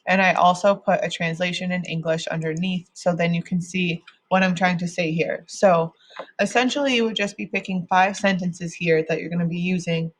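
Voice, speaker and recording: A woman's voice: fairly low pitch, moderate pace. Woman teacher talking through a worksheet. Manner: relaxed explanatory, talks through a worksheet step by step. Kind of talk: casual classroom instruction.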